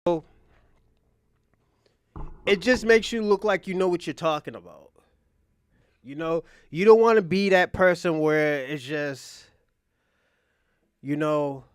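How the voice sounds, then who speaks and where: A man's voice: on the high side, takes it slowly, pauses often, clean tone, dry recording, clean studio sound. A man hosting a reaction stream, talking bluntly and casually to his viewers and swearing freely as he comments on a debate clip. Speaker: reaction channel host.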